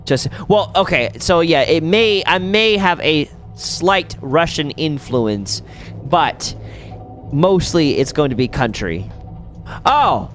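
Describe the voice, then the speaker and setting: A man streamer, unhurried chatty delivery full of ums, breaks into excited yelps during gameplay, faint music underneath. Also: on the high side. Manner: rambling, lots of fillers, with sudden excited outbursts. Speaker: streamer and host. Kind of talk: casual chat while playing a video game.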